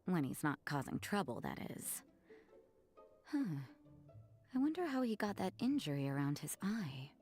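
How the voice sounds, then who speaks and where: An aloof, dry-witted nun speaks in a lowish, shifting voice. Her detached remarks sit over faint game music. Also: sing-song, moderate pace, long pauses, darkish tone.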